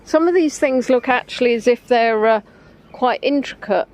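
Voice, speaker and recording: A woman's voice: on the high side, normal speed, a little mellow. A woman with an English accent chatting casually on a live stream, rambling with many "um"s as she answers viewers. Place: outdoors on a riverside walk.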